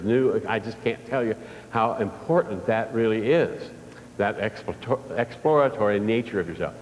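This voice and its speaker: Before an audience in a big hall, an older man delivers a live motivational talk, sharing folksy tales and asking listeners questions. His fairly low voice is a little mellow, and the distant, echoing recording carries a bit of hiss or hum.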